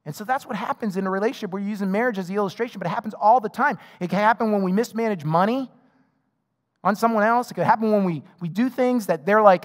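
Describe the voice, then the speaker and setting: A male pastor with a high voice preaches a quick, conversational sermon, often repeating a word as he restarts a thought. He acts out both sides of the dialogues in his illustrations, and his voice carries the long reverb of a large hall.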